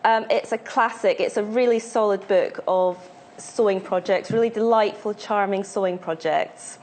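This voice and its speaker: A woman's voice: medium pitch, normal speed, a little mellow. Enthusiastic Scottish woman explaining crafts. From Scotland. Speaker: studio guest presenting sewing books. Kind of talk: casual on-air chat.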